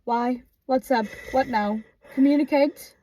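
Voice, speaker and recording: A woman's voice: a little high, normal speed, darkish tone. A young woman co-hosting a casual chat, talking in a blunt, sweary, mock-scolding way. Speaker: co-host.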